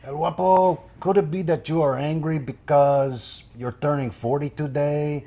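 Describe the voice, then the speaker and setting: A man's voice: a little high, fairly even intonation, measured pace, mellow, lo-fi sound, voice pushed up. A man voicing a timid male bandit sidekick who speaks in a careful, placating way.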